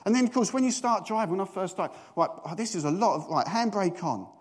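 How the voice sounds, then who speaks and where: A man's voice: sits high, expressive, fast talker, husky. A middle-aged British man preaching a chatty storytelling sermon, self-mocking and asking the congregation questions. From Britain.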